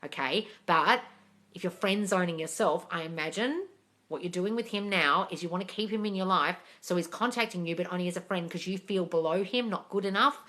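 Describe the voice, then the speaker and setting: A woman's voice: lowish voice, fairly quick, a bit bright. A woman coaching viewers on manifesting in a livestream Q&A, blunt and swearing freely while calling everyone darling. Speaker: manifesting coach answering live comments. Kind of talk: livestream Q&A reading comments.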